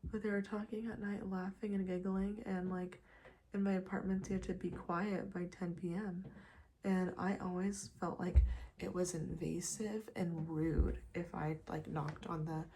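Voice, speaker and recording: A young woman chatting casually while doing her makeup, talking fast and loose with lots of "like", sometimes dropping to a whisper. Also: fairly low pitch, slight background noise. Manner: chatty and animated, full of "like" and "you guys", drops to whispers. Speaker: lifestyle vlogger. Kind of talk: casual get-ready-with-me chat. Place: her apartment.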